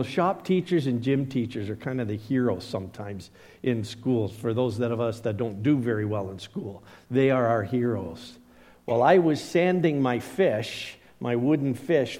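A man's voice: medium pitch, mellow, big-room sound. A middle-aged man preaching a sermon as a pastor, telling personal stories and acting out the voices of people he quotes. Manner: storytelling, acts out quoted voices.

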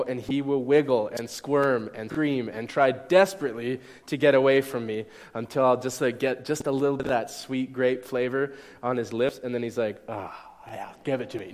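A man's voice: medium pitch, darkish tone. A young man preaching a sermon in a conversational way, often checking in with his listeners. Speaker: pastor. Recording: echoey hall.

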